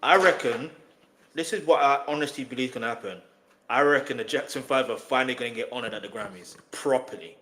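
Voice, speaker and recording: A man's voice: medium pitch, fast talker, fairly bright tone, a little hiss or hum. A man hosting a reaction video, chatting casually and often checking that the listener follows. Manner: chatty, repeats himself, asks if you follow.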